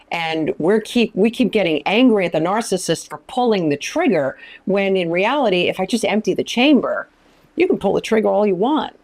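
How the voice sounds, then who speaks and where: A woman's voice: fairly low pitch, darkish tone. A middle-aged woman speaking as a ministry founder, teaching in an emphatic way and often repeating phrases for stress. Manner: emphatic, repeats phrases, acts out quoted lines. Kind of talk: teaching talk in an interview.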